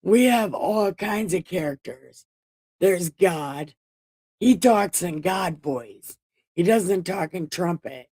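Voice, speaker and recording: Slow, low-voiced joking woman host. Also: animated, dark tone, husky, dry recording. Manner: joking, profane, playfully boastful. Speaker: host reading the Bible aloud. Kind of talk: casual livestream Bible reading.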